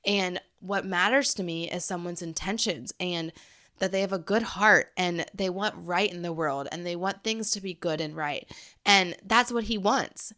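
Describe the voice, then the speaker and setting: A woman's voice: lowish voice, moderate pace, pushed and bright. A woman in her thirties hosting a solo podcast, speaking earnestly and encouragingly and addressing listeners directly. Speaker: podcast host. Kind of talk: heartfelt solo podcast talk.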